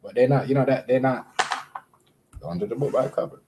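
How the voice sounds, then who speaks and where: A man hosting a casual livestream, rambling with many fillers and repeated words, giving shout-outs to viewers. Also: mid-range voice, fairly quick, noisy background. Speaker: livestream host.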